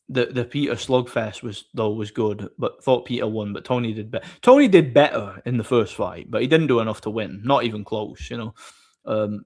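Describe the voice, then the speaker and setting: A man's voice: mid-range voice, a little mellow. Rambling male streamer. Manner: opinionated, rambling, repeats words while thinking. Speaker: streamer host. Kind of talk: casual chat answering viewers.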